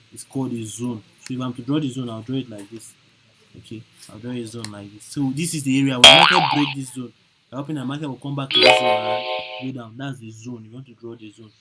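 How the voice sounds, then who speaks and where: Husky man repeating points slowly. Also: mid-range voice, rough recording. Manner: repetitive, drills each point with "okay?" and "right?". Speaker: trading instructor. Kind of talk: screen-recorded chart tutorial.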